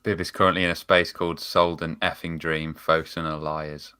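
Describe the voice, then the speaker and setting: A man on a fan live-stream panel, talking casually over an online call. He rambles, hesitates and trails off as he thinks aloud. His voice is very low yet bright and sharp in tone. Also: level tone, moderate pace, clean tone.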